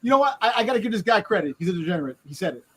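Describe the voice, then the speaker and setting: A man's voice: sits high, very animated, racing, sharp tone. A man co-hosting a casual chat show, laid-back and swearing freely. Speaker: podcast co-host.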